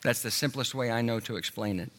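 A man preaching a sermon in an earnest way, slowing down and dropping his voice on key words. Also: a bit bright. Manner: earnest, slows and drops low on key words. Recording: long hall reverb.

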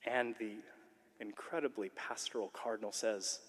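Male conference speaker, mid-pitched, earnest and animated, with a long hall echo. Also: measured pace, pauses often. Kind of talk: sermon-like conference talk. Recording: long reverb of a large hall.

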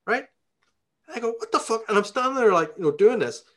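A man's voice: high voice, animated, quick pace. Fiery Belfast-accented man, swearing. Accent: Northern Irish (Belfast). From Belfast, Northern Ireland. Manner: profane, heated ranting. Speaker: interviewee. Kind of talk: casual storytelling.

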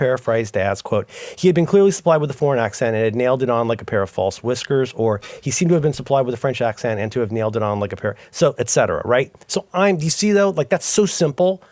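Man, podcast co-host, loose rambling talker, lively pitch, dry close sound. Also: quick pace, few pauses, no echo. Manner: rambling, self-interrupting, animated storytelling. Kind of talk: casual chat.

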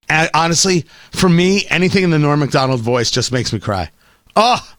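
Sarcastic high-voiced talk radio host man. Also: expressive, moderate pace, a bit bright, no room sound, studio quality. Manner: sarcastic, mocking, does voices. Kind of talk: opinionated talk radio monologue.

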